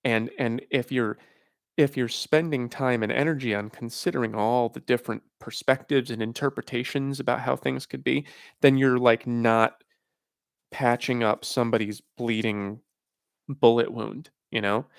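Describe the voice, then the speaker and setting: Tired, gravelly-voiced man thinking aloud. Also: mid-range voice, fairly even intonation, no echo, clean studio sound. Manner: halting, thinking aloud with many restarts. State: tired, voice worn out. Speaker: livestream host. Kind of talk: casual live Q&A talk.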